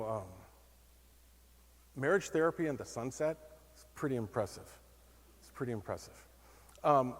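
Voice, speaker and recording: A man speaks on stage at a conference, telling a personal story in an animated, self-mocking way. He acts out the other voices in his story. The sound carries the long reverb of a large hall. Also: medium pitch. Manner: animated, self-deprecating, acts out quoted dialogue.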